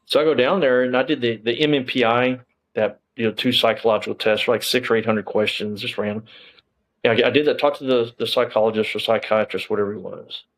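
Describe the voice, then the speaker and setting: Older guy telling his story in an interview, talks fast, rambles and restarts a lot. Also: medium pitch, fairly even intonation, poor audio. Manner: rambling, with frequent restarts and fillers. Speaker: interview guest, former police officer.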